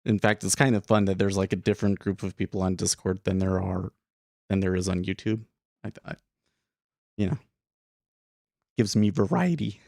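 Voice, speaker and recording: A young man chats loosely on a live trading stream, rambling and restarting his sentences as he thinks aloud. His voice sits on the low side, and the sound is dry and close with no room around it. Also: fairly quick, gravelly, a little mellow, no room sound. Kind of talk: casual live-stream commentary.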